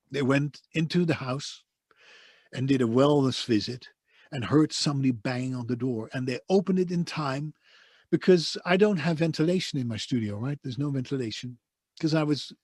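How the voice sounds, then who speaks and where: Passionate Dutch-accented man, husky voice. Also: mid-range voice, no room sound. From Netherlands. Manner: passionate, emphatic, vivid storyteller. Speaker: voice-over artist guest. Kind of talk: conversational interview storytelling. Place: soundproof home studio booth.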